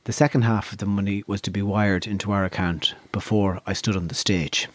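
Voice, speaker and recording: A man with a West of Ireland accent, a stand-up comedian telling a casual, profane anecdote, swinging from low mutters to high excited bursts. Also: fairly quick, dry recording. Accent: Irish, West of Ireland.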